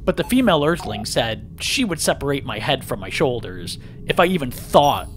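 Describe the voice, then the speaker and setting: A man narrating a first-person story aloud with lively, dramatic delivery. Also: medium pitch, normal speed. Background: background music.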